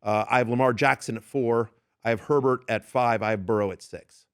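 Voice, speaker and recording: A man's voice: medium pitch, fairly quick, clean tone, dry recording, studio quality. A man working as a fantasy football analyst, chatting in an interview and acting out the people in his stories. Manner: animated storyteller, acts out quoted yelling. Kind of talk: casual interview storytelling. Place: radio studio.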